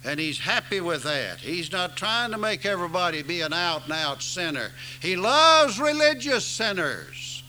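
A man's voice: high-pitched, very animated, normal speed, few pauses, bright, forceful tone, a little hiss or hum, low-quality recording. A man preaching a sermon to a congregation, with an emphatic, swooping cadence.

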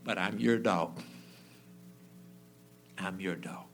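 A man's voice: sits low, slow, soft background music, voice pushed down. A preacher voicing a humble pleading woman. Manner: pleading, self-abasing. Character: humble ancient woman pleading as a lowly dog.

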